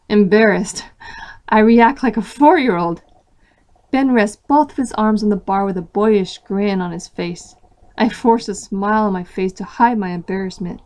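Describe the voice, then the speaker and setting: A woman's voice: medium pitch, normal speed. Woman reading a story aloud. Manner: expressive first-person narration.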